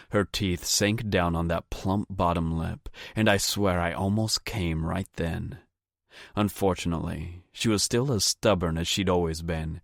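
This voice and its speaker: Deep-voiced man, first-person romance audiobook narrator, close dry studio sound. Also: unhurried, no echo. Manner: low, intimate, frequent swearing.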